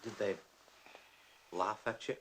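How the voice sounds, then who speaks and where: An actor playing a mild, weary middle-aged husband who speaks in a subdued, flat way. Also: male voice, lowish voice, slow pace, slight background noise, low-quality recording. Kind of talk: stage play performance.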